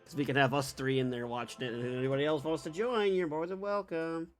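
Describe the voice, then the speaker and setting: A man's voice: on the high side, steady tone, fast talker, faint music behind. Laid-back joking male co-host. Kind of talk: casual podcast chat.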